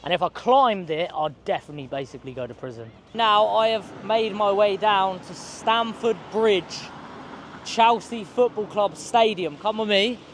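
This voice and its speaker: A man's voice: sits high, moderate pace, a bit bright, slight background noise. A man, telling a rambling, slangy story to camera outdoors on a city street. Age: 20s. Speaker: vlogger.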